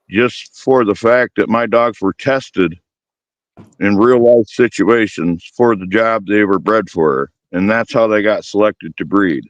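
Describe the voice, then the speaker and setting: Low-voiced breeder man, dull dry audio. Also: dry recording. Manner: easygoing and explanatory, with many fillers. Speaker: dog breeder guest. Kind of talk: casual podcast discussion.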